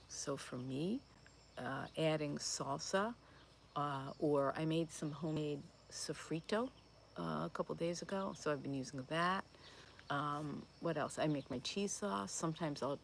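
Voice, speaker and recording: A woman in her fifties who hosts a plant-based cooking channel answers viewer comments during a live Q&A stream. Her voice is low-pitched and gravelly, and she rambles with lots of fillers and restarts. There's a little hiss or hum.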